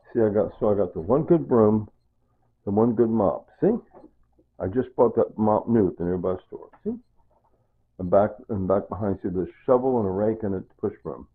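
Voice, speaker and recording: An older man walks through his small home in a casual, rambling tour. His voice sits low with a husky edge. The sound is thin and phone-like. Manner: rambling, points things out with "see" and "right?". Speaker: vlogger giving a home tour. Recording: tinny phone-like audio.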